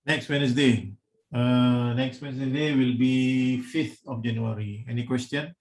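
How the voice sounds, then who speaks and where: A man's voice: medium pitch, steady tone, a little slow. A man with a Malaysian English accent teaching an engineering class online, explaining step by step and calling on students by name. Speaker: engineering lecturer.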